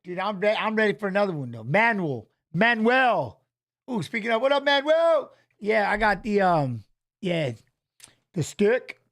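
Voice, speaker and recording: Brief: high-pitched male host, casual rambling watch-along chat, keeps saying "you know what I mean". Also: very animated, measured pace, fairly bright tone. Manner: loose, rambling, chats with viewers, reads fighter stats aloud.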